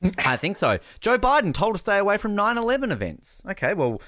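A man's voice: high-pitched, quick pace, no echo, clean studio sound. A man co-hosting a podcast, chatting casually with lots of laughter and mocking asides. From Australia. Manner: animated, laughing, mocking impressions. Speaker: podcast co-host. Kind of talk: casual banter.

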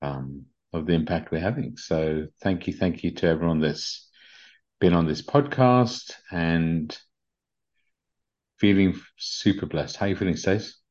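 A middle-aged British man with a very deep voice hosts a spiritual podcast, speaking gently and earnestly with frequent fillers and self-restarts. The recording sounds slightly dull and muffled. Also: a little slow. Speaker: podcast host. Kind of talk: casual spiritual podcast talk.

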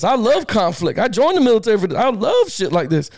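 A middle-aged man co-hosting a casual sports podcast. He tells a heated story in an animated, slangy way, repeats himself and laughs often. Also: high voice, a little fast, hardly any pauses, background noise. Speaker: podcast co-host.

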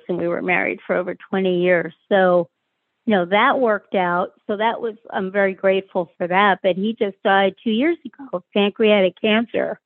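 A woman's voice: medium pitch, no echo. A woman in her sixties giving a candid, frank personal interview as a guest, speaking with many hesitations. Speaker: guest, sister of a murder victim. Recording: tinny phone-line sound, dry.

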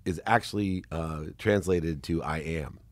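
A man in his fifties hosting a podcast interview, talking in an animated, rambling way and laughing often. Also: very deep voice, measured pace, no echo. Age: 50s. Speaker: podcast host. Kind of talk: conversational interview.

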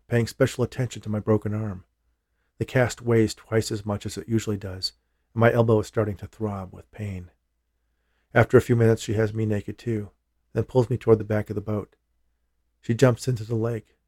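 Male audiobook narrator, low and warm, measured thriller read, dry close mic. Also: no room sound. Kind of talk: scripted first-person thriller narration.

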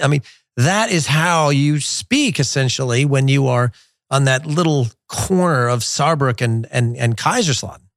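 A middle-aged man hosting a soccer show in a studio, talking in an animated, digressive and blunt way. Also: medium pitch, unhurried, no room sound. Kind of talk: casual opinionated talk. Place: glass-walled studio in a resort. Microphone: studio mic.

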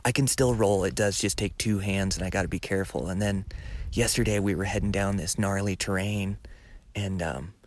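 A man talking casually to his viewers outdoors during a backcountry hunting trip, earnest and at times hushed. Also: low-pitched, fairly even intonation, normal speed, a little hiss or hum. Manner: earnest, drops to a hushed near-whisper at times. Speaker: hunting vlogger. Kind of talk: casual chat to camera.

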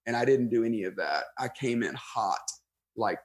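A man's voice: lowish voice, moderate pace. Man telling a story in casual chat. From United States. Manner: self-deprecating, animated retelling with quoted inner thoughts. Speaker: pastor and podcast guest.

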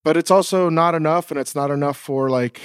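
A man's voice: fairly high pitch, brisk, clean tone, no room sound, clean studio sound. A man hosting a casual podcast, earnest and swearing as he repeats his points for emphasis. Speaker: podcast host.

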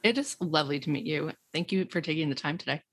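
A woman in her thirties with a deep, fairly bright voice talks fast as she hosts her own podcast. The clip is a casual intro and interview, delivered in a chatty, bubbly way packed with fillers.

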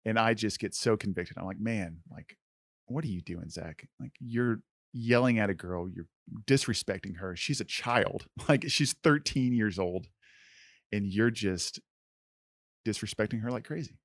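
A man's voice: lowish voice, normal speed, dry recording, studio quality. A man co-hosting a podcast, telling a personal story in an earnest, conversational way with lots of filler words. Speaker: podcast co-host.

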